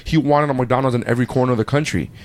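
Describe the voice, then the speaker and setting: A man in his thirties hosting a podcast, telling a story in casual chat, animated and swearing freely. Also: medium pitch, very fast. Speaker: podcast host.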